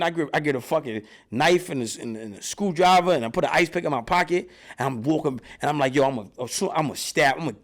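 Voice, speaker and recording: A man with a slightly raised voice tells stories of his childhood to an interviewer. He talks in a profane, streetwise way. He gets loud and lively whenever he acts out the people in his stories. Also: on the high side. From New York. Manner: animated, profane street storytelling with loud bursts when reenacting. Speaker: interview guest. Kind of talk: casual storytelling in an interview.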